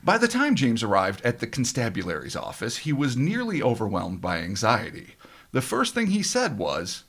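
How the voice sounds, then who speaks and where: A podcast co-host reading a strange encounter aloud, mock-dramatic and wry, with profane asides. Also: male voice, mid-range voice, wildly swooping pitch, normal speed, fairly bright tone. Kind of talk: reading a paranormal story with sarcastic asides.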